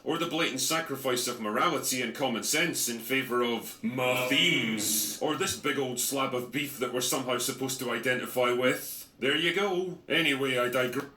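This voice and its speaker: A man's voice: medium pitch, normal speed, hardly any pauses, pushed and bright, reverberant. A man reading a scripted, sarcastic and profane video critique. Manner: sardonic, profane, mocking. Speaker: video essayist.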